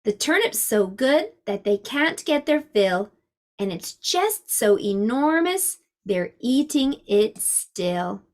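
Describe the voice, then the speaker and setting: A woman preschool teacher reading a storybook aloud to young children in an expressive, sing-song way. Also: a little high, slow pace.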